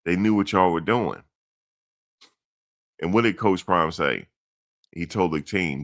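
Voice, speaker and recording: A man's voice: low-pitched, expressive, a little slow, pauses often, a bit bright. A middle-aged man giving a blunt, blustery sports rant, repeating his points and addressing the audience directly. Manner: blunt, blustery, repetitive ranting. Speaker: sports commentary host.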